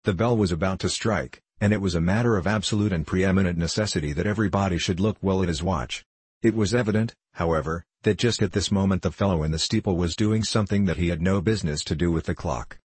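A man reading a comic story aloud as narrator, in a theatrical, lively manner. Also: sits low, quick pace, slightly rough, dry recording.

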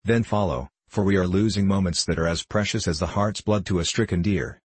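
Man voicing a gruff frontier scout, grave, commanding, storybook, deep voice, dry sound. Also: a little fast, no echo. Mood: urgent.

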